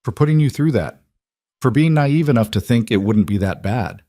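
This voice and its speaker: A man's voice: mid-range voice, animated, moderate pace, dark tone, no room sound, studio quality. A man voicing a protective rancher in a western story, speaking firmly in a hard, clipped voice. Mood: quiet. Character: firm, protective male rancher.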